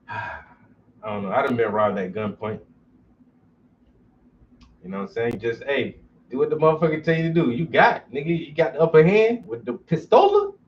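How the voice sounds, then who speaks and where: A man's voice: mid-range voice, very animated, moderate pace, long pauses. A man telling profane, joking stories casually while he paints. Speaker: painter streaming while working. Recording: distant, dull lo-fi with faint noise.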